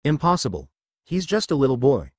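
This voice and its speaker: Angry scolding mom figure, voiced by a male reader, lively pitch. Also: brisk, no echo, studio quality. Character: scolding middle-aged housewife, hot-tempered.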